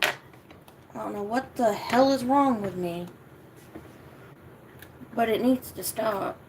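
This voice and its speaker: A woman's voice: slow pace, noisy background. Tired woman on a livestream. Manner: low-energy, sluggish, swearing casually; high sing-song baby talk to her cat. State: lethargic. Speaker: YouTuber hosting a livestream. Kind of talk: casual livestream chat. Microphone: camera mic.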